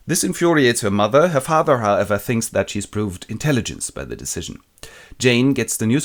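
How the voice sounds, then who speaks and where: A man retelling a classic novel as a quick comic summary, casual and irreverent. His pitch swings widely, animated from phrase to phrase. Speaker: narrator.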